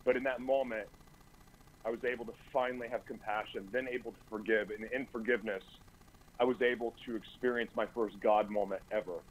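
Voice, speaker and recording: A man's voice: lowish voice, fairly even intonation, a little fast, a little hiss or hum, poor audio. A man as a radio talk show guest, giving an earnest, intense personal testimony in a studio, often stumbling over and repeating his words. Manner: earnest, intense storytelling with stammered restarts.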